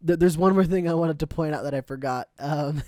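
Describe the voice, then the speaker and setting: A man's voice: a little high, a little fast, a little mellow, dry recording. Co-host, man, casual recap chat, laughs often, dry close mic. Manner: giggly, acts out quotes with silly voices. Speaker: podcast co-host.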